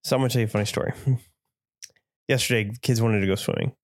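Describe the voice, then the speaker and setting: A man's voice: lowish voice, quick pace. A man co-hosting a casual chat show, telling stories with lots of laughter and acted-out quotes. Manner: animated storyteller, laughs often, acts out quotes. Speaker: podcast co-host.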